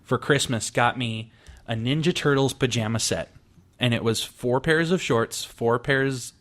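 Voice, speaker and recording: A man's voice: medium pitch, measured pace, fairly bright tone. A man co-hosting a casual podcast chat, talking loosely with lots of "like". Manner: chatty, frequent "like". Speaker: podcast co-host.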